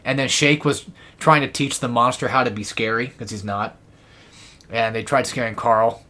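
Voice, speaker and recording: A man's voice: fairly even intonation, moderate pace, pushed and bright. A young man chatting casually while playing a co-op game, retelling cartoon scenes with frequent laughs. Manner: rambling storyteller, laughing, quoting cartoon lines in high put-on voices. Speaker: co-op gamer. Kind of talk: casual chat while gaming.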